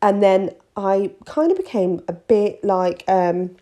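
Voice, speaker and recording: Chatty woman with lively pitch. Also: unhurried. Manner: chatty, rambling, cheeky. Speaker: nail artist and educator. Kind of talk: casual tutorial vlog.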